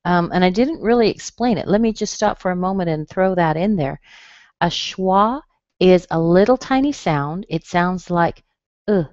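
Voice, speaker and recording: A woman's voice: on the low side, expressive, darkish tone, dry recording. A woman teaching pronunciation in an online class, patiently saying words again and again. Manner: slow, patient, repeats words for drill. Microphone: computer mic. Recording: dull muffled webinar audio, dry.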